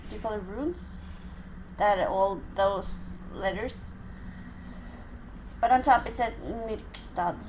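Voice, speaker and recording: A woman's voice: medium pitch, takes it slowly, long pauses, a little mellow, slight background noise, rough recording. A woman from Norway with a Norwegian accent, chatting casually through a game and startling easily. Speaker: let's play host. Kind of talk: casual gameplay commentary.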